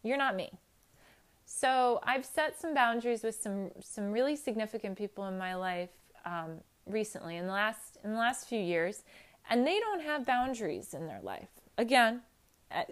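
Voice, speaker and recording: A woman's voice: mid-range voice, normal speed. Blunt, emphatic woman talking candidly. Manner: blunt and emphatic, swears casually; animated storytelling with acted-out quotes. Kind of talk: candid personal monologue.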